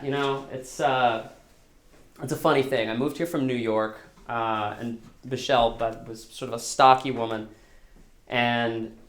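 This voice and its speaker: This man's mid-range voice has a roomy sound as he shares a personal story live at a small storytelling venue. His delivery is casual and self-deprecating, and he performs the dialogue himself.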